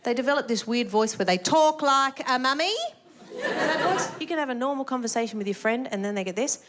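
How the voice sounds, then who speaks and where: A woman's voice: sits high, lively intonation, quick pace, fairly bright tone. A woman doing a stand-up routine on a club stage, dry and sarcastic, on a stage mic. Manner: dry sarcastic delivery with acted voices. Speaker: stand-up comedian. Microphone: stage microphone. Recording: live club recording, crowd noise.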